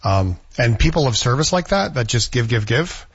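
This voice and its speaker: Husky guy hosting a chat, easygoing, dry kinda dull audio. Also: medium pitch, big pitch swings, moderate pace. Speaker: host. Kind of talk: casual chat.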